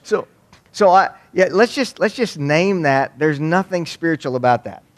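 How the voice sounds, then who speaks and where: A man's voice: on the high side, moderate pace. A man from Waco, giving a humorous storytelling talk on youth ministry to an audience. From Waco, Texas. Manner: folksy, joking, animated.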